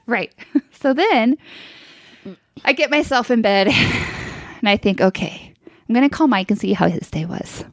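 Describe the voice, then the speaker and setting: A woman's voice: a little high, lively intonation, a little slow, pauses often, no echo. Candid swearing woman telling a story. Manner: candid, swears freely, laughs often while telling a story. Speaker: podcast co-host. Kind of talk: casual chat.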